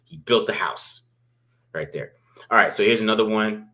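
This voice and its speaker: A man's voice: lowish voice, moderate pace, pushed and bright. A man co-hosting a casual football film breakdown, rambling with restarts and asking "right?" after nearly every point. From from a Baltimore family. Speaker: football film analyst co-host.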